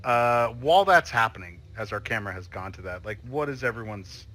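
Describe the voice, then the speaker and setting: A man's voice: fairly low pitch, expressive, a little fast, pushed and bright. A man narrating as game master of a tabletop role-playing game, laid-back and rambling with many fillers.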